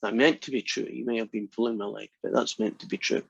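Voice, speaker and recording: A math lecturer talks casually and rambles with jokes to his online class. His voice is husky and dry, over a dull, lo-fi video-call sound. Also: on the low side, fairly even intonation, fast, dry recording. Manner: rambling, joking.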